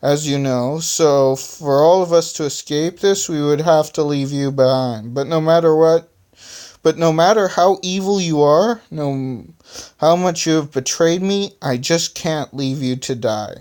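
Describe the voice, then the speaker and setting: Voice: mid-range voice, a little slow, darkish tone, smooth, lightly acted. Electronic, a reader doing a joking hero leader.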